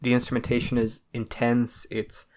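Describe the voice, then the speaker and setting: A man co-hosts a casual podcast, speaking in a flat monotone with little rise and fall. His tone stays level as he talks through his opinions. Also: mid-range voice, moderate pace. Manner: monotone delivery. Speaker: podcast co-host.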